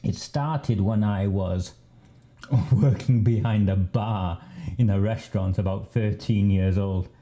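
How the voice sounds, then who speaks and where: A man from northern England hosts a live stream of political commentary, talking slowly and deliberately. His voice is low and deeply mellow. He breaks off into asides now and then. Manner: slow, deliberate, with asides and laughter. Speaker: host.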